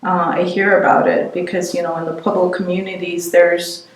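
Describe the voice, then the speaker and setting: A middle-aged woman giving an oral history interview, reflective and halting, often restarting her sentences. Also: on the low side, little pitch movement. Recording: roomy, distant mic.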